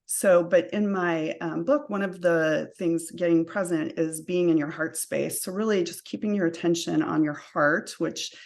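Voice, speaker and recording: Woman coach chatting loosely, bit of vocal fry, lots of you-knows. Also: lowish voice, normal speed, few pauses. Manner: relaxed, frequent "you know" and "um" fillers. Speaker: guest, energy and career coach. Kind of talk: casual interview chat.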